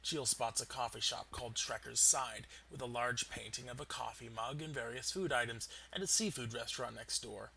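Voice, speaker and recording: Guy running a tabletop game, bright clear voice, faint room hum behind. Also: medium pitch, normal speed, few pauses. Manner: descriptive, steady storytelling. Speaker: game master.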